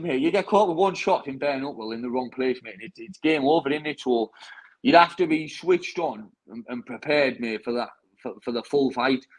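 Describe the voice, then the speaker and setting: On a rough recording, a young man with a British English accent speaks in a slightly high, somewhat mellow voice. He's a bare-knuckle fighter chatting post-fight, full of rambling restarts and endless "mate"s.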